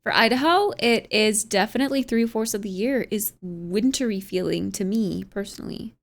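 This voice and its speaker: A woman's voice: medium pitch, lively intonation, normal speed, gravelly. A young American woman streamer chatting casually at home, reading viewers' messages aloud and musing on them with frequent laughs. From United States. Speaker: livestreamer.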